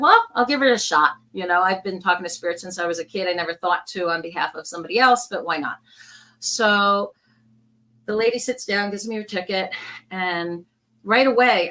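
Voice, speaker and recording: A woman speaks in a bright, forceful voice as she tells her stories. She acts out the people in them as she goes, in a casual, chatty way. She sounds like a guest on a video call. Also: mid-range voice. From New York. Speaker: guest, psychic medium. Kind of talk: casual storytelling interview.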